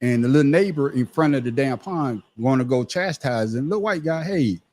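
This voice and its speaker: On a podcast panel, a middle-aged man tells a story in casual, profane, emphatic chat, repeating words as he gets each thought going. His medium-pitched voice is expressive and somewhat dark, and he talks a little fast.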